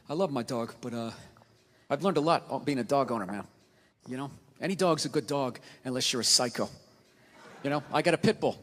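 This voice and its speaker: A man doing a stand-up comedy set on stage, ranting and profane, swinging between low mutters and shouts, with audience laughter. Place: large theater stage. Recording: live theater, long reverb, audience noise.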